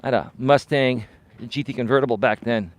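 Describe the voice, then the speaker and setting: A man's voice: mid-range voice, a little fast, no echo. Man candidly retelling a personal story. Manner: candid, heated, gets loud and animated retelling anger. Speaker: host, life coach. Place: walking outdoors.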